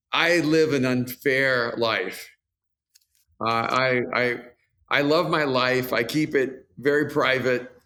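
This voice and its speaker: Older male podcast host, mid-pitched, reflective and unhurried in casual talk. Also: pushed and bright.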